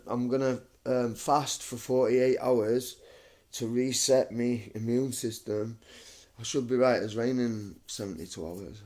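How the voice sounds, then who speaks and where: Young man, feverish and shivery, rambling monologue, repeats himself, says mate a lot, warm dark voice. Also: medium pitch. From United Kingdom. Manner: repetitive, keeps calling the listener mate. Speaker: vlogger. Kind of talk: rambling home video monologue. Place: his home.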